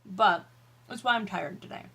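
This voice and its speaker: Woman vlogger, tired, candid, chatty, swears freely, bright voice, home office. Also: mid-range voice, moderate pace, vocal fry, slightly rough. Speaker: YouTube vlogger. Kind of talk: casual chatty vlog while eating.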